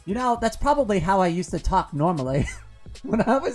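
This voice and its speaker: A woman's voice: medium pitch, lively intonation, normal speed, a little mellow, faint music behind. A woman in her forties chatting casually on a live stream, rambling with lots of fillers and laughing often. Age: 40s. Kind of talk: casual chat reading viewer comments.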